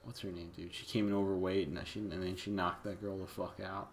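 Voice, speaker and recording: A man with a gravelly, fairly low voice co-hosts a podcast in casual comedic chat. He throws in crude, joking remarks. Faint ambient noise sits behind him. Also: flat delivery, a little fast. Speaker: podcast co-host.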